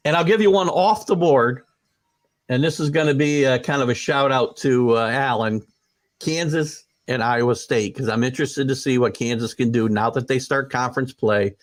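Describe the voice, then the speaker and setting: Guy hosting sports talk, opinionated, rambles, lots of uh's, regular pitch. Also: moderate pace. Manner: opinionated, rambling with many fillers. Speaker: sports talk show host.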